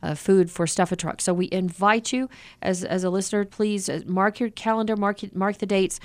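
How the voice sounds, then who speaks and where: A woman hosting a community radio interview, chatty and full of quick affirmations. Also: medium pitch, steady tone. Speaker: radio show host.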